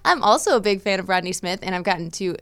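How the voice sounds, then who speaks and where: A woman's voice: mid-range voice, animated, fast talker, a bit bright, smooth. A young woman hosting a podcast, chatting casually and giggling often with her guest. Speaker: podcast host. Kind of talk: casual interview chat.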